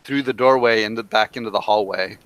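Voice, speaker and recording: A man's voice: fairly low pitch, a little fast, fairly bright tone, dry recording, low-quality recording. A man playing a tabletop game, speaking casually with wry asides. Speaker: player.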